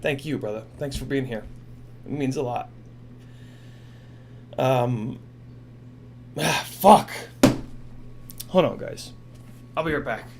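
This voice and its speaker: A man hosting a casual livestream, talking in a halting, emotional way with many restarts. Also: medium pitch, background noise. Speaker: livestream host.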